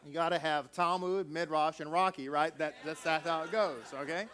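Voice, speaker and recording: After a scripture reading, this man preaches in a conversational style and jokes with the congregation. He speaks at normal speed in a slightly high, fairly bright voice with fairly even intonation.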